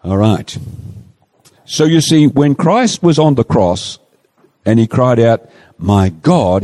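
A man preaching a sermon in a fairly high, very animated voice, swooping up and down as he stresses each point. He stretches out scripture quotes slowly and pleadingly. His voice rings with a long reverb, as if in a large hall. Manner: emphatic, pleading, drawn-out quoting of scripture.

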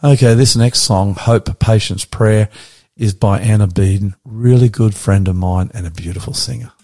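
A man's voice: lowish voice, normal speed, mellow. A man with an Australian accent, a pastor hosting a radio show, talking in a chatty, self-deprecating way with frequent restarts. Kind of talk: casual radio chat.

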